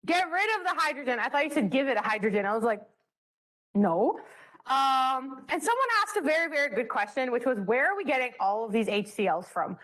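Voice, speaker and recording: A woman's voice: high voice, lively intonation, quick pace, few pauses, fairly bright tone. A young woman leading a chemistry study session in a bubbly, joking way. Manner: bubbly, joking, self-mocking. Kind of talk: classroom teaching.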